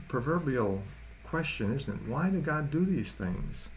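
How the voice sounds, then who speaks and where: Male pastor, halting conversational sermon, gravelly voice, faint background noise. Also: medium pitch, very animated. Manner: halting, repeats words, conversational asides. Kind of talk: storytelling sermon.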